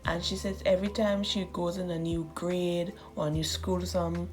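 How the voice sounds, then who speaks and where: A woman of thirty talking candidly in a casual voice-over, often laughing and dropping into soft, whispery asides. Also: fairly low pitch, little pitch movement, a little fast. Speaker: art channel host.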